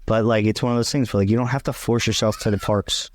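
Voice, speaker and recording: Dry, low-voiced husband telling stories. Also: male voice, fast talker, no room sound. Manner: wry, animated storyteller, self-described non-Disney person. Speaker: co-host, husband. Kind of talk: casual chat.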